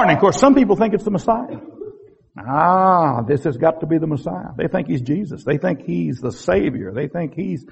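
A man preaching a sermon as a pastor, with a husky voice and folksy storytelling that breaks into shouts. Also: on the high side, expressive, moderate pace.

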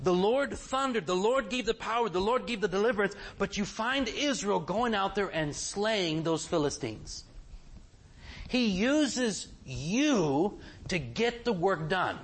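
Animated man preaching a sermon. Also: high-pitched, unhurried, breathy edge. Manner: animated, asks the congregation many questions.

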